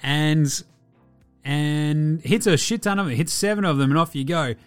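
Aussie guy recapping the game, swears a lot, rambly, kinda high voice. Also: moderate pace, clear, resonant tone, soft background music. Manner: profane, wry, rambling. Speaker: podcast host. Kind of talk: casual basketball recap.

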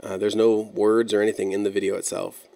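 A man narrating an internet-mystery video in a measured, explanatory and slightly wry way. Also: fairly low pitch, little pitch movement, gravelly, dark tone. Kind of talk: scripted narration.

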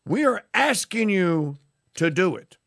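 Gravelly radio host guy, lively and jokey, bouncy pitch, dry studio sound. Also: takes it slowly, a little hiss or hum. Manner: lively, mock-outraged jokey delivery. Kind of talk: talk radio banter.

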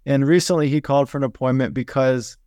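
Smooth-voiced male doctor hosting. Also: medium pitch, fairly even intonation, fast talker, mellow, dry recording, clean studio sound. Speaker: podcast host and physician. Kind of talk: podcast conversation.

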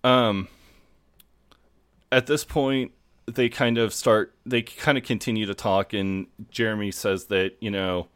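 A man with a fairly low voice chats loosely on a podcast, laughing and cursing as he retells a TV episode. His voice sits in a dry, close sound. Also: fairly even intonation, measured pace, a bit bright, smooth, no echo. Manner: laughing, swearing storyteller who acts out quotes. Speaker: podcast co-host. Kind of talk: casual chat recapping a TV episode.

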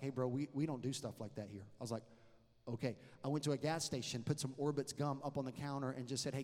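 A middle-aged man, preaching a sermon and telling stories with animated swings between loud and hushed delivery. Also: a little high. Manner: animated storytelling with sudden drops to a hush. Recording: long hall reverb.

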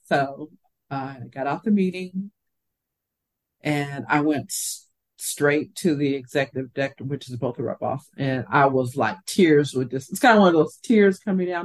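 A woman's voice: low voice, moderate pace, low-quality recording. An older woman co-hosting a casual chat, telling a story from her working life and acting out the people in it. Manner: animated storyteller, acts out quoted voices. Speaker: podcast co-host.

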